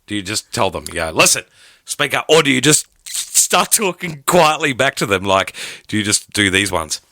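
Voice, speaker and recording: An Australian man co-hosting a radio show, telling animated stories and mimicking people. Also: fairly low pitch, normal speed, no echo, studio quality. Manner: animated storyteller, laughs a lot, mimics people. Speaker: radio co-host. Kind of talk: casual breakfast show banter.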